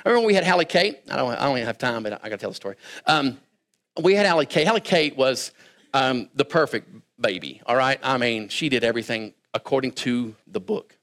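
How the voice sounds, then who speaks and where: A man preaching a sermon, talking conversationally and swinging between quiet asides and raised, emphatic lines. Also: mid-range voice, expressive, quick pace. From Kentucky. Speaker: pastor.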